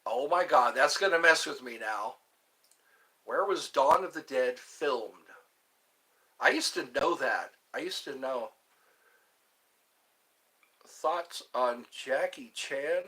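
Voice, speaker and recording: A man's voice: medium pitch, lively intonation, slow, long pauses, sharp tone. A man hosting a livestream from his home, chatting casually and answering viewers' questions in a rambling way. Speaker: livestream host. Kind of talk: casual chat reading viewer comments.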